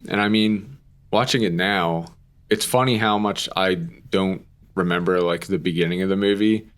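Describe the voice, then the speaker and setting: A man's voice: deep voice, steady tone, moderate pace. A young man co-hosting a podcast in a casual chat, rambling and chatty with lots of "like" and the odd curse word. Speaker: podcast co-host.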